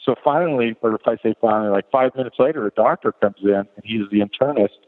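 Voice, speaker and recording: Middle-aged male podcast guest, low voice, candid rambling storyteller, heard on a phone-like line with long reverb. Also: quick pace. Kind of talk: personal story told in an interview.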